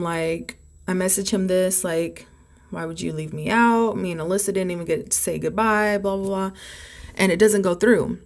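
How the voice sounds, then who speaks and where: A young woman telling a storytime vlog, rambling and swearing heavily, flaring up loud when angry. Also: on the low side. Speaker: vlogger.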